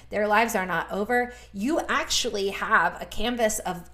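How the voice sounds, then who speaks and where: A woman in her thirties speaking earnestly in a faith-based podcast conversation, repeating words for emphasis. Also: on the high side. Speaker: guest speaker.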